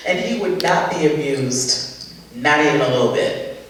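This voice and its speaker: An older woman performs stand-up comedy, her storytelling animated and exasperated, full of punchy asides. Her pitch leaps and dips constantly. She sounds far from the mic in a very echoey hall with faint ambient noise. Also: normal speed. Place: stage at a charity show with a live audience.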